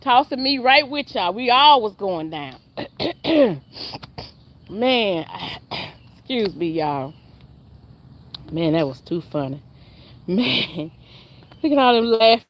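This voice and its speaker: A woman's voice: on the high side, lively intonation, slow, long pauses. A woman, chatting and laughing with viewers on a casual live stream. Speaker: livestream host.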